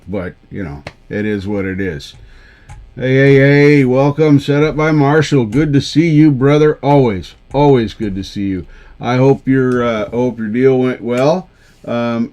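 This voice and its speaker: A man's voice: medium pitch, a little mellow. A man hosting a live karaoke stream, chatting casually with viewers in a rambling, self-deprecating way. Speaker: livestream karaoke show host.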